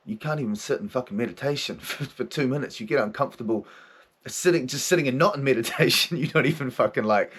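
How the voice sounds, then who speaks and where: A man's voice: medium pitch, quick pace, a bit bright, slightly rough. A man voicing his own wounded inner self, a grown man who is bitter and accusing and swears as he complains of being neglected.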